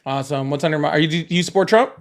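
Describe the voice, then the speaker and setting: A man's voice: a little high, expressive, racing, background noise. Teasing Southern man hosting a call-in stream. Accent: Southern American. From American South. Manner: blunt, teasing, laughs often. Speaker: live stream host. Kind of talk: casual live call-in chat.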